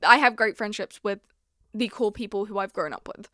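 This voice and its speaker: A woman's voice: mid-range voice, moderate pace, bright, forceful tone, no echo, clean studio sound. A young woman hosting her own podcast in casual chat, confiding and chatty, acting out her own stories as she goes. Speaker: podcast host.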